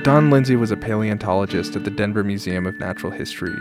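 Lowish male podcast narrator. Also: fast, over loud music. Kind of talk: scripted narration.

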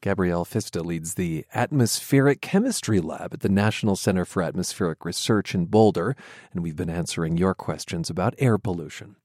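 Male radio host, friendly and measured, expressive intonation, dry studio. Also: fairly low pitch, dry recording. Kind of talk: radio interview.

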